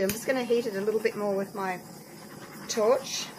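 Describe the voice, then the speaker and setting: A woman who runs a resin craft channel, chatting to viewers in an excitable, gushing way while she works. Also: mid-range voice, normal speed, slightly rough. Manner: excitable, gushing, talks to viewers as you guys. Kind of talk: casual chat while crafting.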